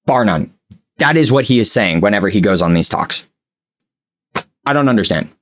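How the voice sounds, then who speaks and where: A young man ranting as a YouTube commentator, sarcastic and exasperated, swinging between loud outbursts and low mutters. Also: lively intonation, normal speed. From United States.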